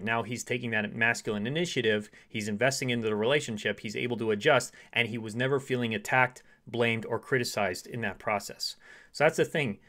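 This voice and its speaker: A man in the middle pitch range coaching women on relationships. He talks straight to the listener in a steady monologue and now and then slips into softer acted-out example dialogues. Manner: acts out short quoted dialogues in softer voice. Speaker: dating coach.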